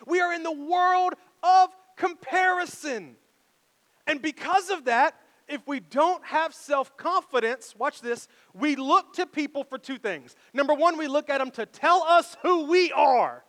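A male pastor delivering a sermon in a conversational, animated way, throwing rhetorical questions to the room. His voice sits very high for a man. A long reverb from the church sanctuary hangs behind his words. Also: moderate pace, hardly any pauses. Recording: echoey hall reverb.

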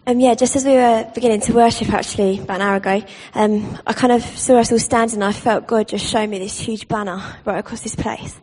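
A woman's voice: on the high side, steady tone, fairly quick, hardly any pauses, darkish tone. A woman earnestly sharing a vision during a church meeting, a little tentative.

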